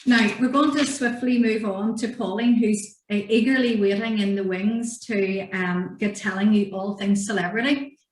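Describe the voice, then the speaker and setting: A woman hosting a virtual travel event, thanking speakers and briskly introducing the next guest over a video call. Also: medium pitch, steady tone, a little hiss or hum. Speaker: event host. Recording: roomy echo.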